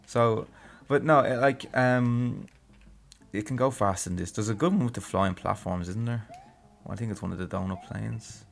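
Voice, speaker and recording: A man's voice: fairly low pitch, moderate pace, gravelly. A young Irish man bantering dryly with a friend during a video game playthrough. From Ireland. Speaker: let's-play co-host. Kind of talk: casual gameplay chat.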